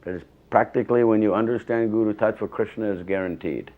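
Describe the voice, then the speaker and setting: A man's voice: on the low side, fairly even intonation, quick pace, phone-quality sound. An older man in an interview, earnestly recalling his spiritual teacher in rambling, emphatic stories. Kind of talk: reminiscing interview.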